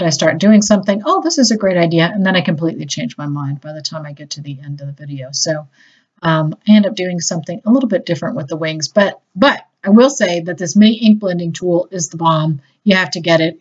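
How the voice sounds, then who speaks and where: Chatty crafty lady talking thru her project, kinda low voice, bit muffled recording. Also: fairly quick. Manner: chatty, enthusiastic, self-deprecating. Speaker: crafting demonstrator. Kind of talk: casual craft tutorial voice-over. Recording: slightly dull lo-fi audio.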